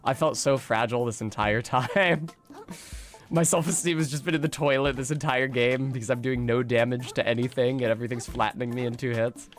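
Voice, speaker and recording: A man streaming a video game, giving excitable, profane commentary and talking to himself as he plays. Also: mid-range voice, fairly quick, soft background music. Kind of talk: casual gameplay commentary.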